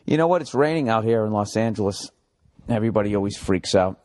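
A man's voice: on the low side, expressive, fast, darkish tone. A man hosting his own podcast alone, talking in a profane, rambling, sarcastic way. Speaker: podcast host. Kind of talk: casual solo podcast monologue.

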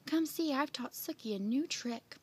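A woman's voice: sits high, lively intonation, moderate pace, husky, recorded from a distance, voice pushed up. A woman doing a cheerful easygoing boy. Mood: friendly. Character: cheerful boy who trains pets.

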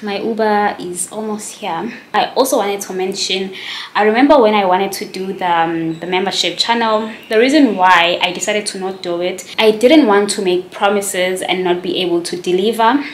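A woman's voice: medium pitch, normal speed, slight background noise. A woman in her twenties, talking casually to camera in a rambling, self-conscious way. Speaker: vlogger. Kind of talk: casual vlog chat to camera. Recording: echoey room.

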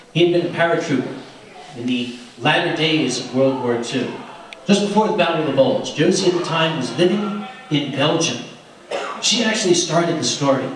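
Lively male storyteller in an echoey room. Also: on the high side. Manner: lively, conversational with restarts. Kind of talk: anecdotal storytelling to a live audience. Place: convention room. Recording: echoey room, distant mic, faint noise.

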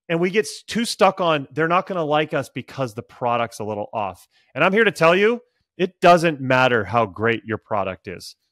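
A man's voice: fairly high pitch, fairly bright tone, dry recording, studio quality. A middle-aged man, a sales coach, giving advice in a podcast interview and acting out buyers' lines with lots of energy.

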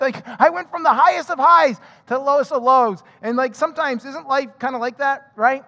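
High-voiced pastor preaching in a hall. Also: male voice, moderate pace, few pauses. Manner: animated, chatty, addresses the congregation with questions. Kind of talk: sermon with personal storytelling. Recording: long hall reverb.

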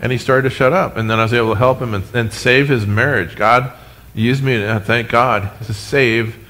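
A man preaching a sermon as pastor, animated, with humorous asides, speaking to his congregation and online viewers. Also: mid-range voice, normal speed. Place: church sanctuary, recorded for live stream.

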